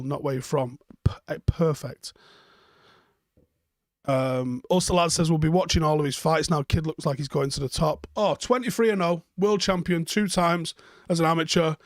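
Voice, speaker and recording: A man's voice: on the high side, dry recording, clean studio sound. A man hosting a live stream, chatting casually and bluntly while reading out viewer comments, swearing freely.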